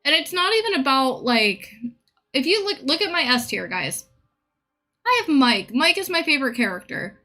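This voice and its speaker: Give me a woman streamer ranting bluntly and profanely, a little high-pitched. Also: sing-song, normal speed, sharp tone, soft background music. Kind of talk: casual live-stream rant.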